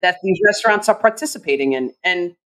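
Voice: medium pitch, animated, quick pace, fairly bright tone, low-quality recording. A podcast co-host giving opinionated, ranting commentary in casual chat.

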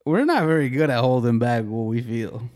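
A man hosts a loose podcast conversation, cursing and laughing as he goes. His voice swings widely in pitch, especially when he mimics a friend in a squeaky voice. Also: moderate pace. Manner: animated, swearing, laughs often, mocks in a high voice. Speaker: podcast host. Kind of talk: casual podcast chat.

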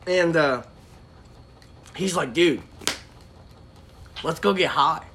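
Young man, podcast co-host, bright voice, laughing, faint background hiss. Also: on the high side, slow. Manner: animated, laughing, profane storytelling. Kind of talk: casual storytelling.

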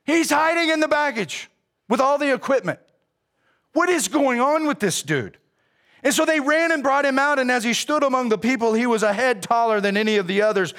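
Man, pastor, sermon, high voice, casual, animated, slangy. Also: a little fast.

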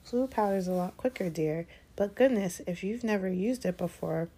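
A woman's voice: mid-range voice, moderate pace, dark tone, pitched above the performer's own voice, natural voice. A woman voicing a fussing, anxious middle-aged witch and mother, in a read-aloud story. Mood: fretful.

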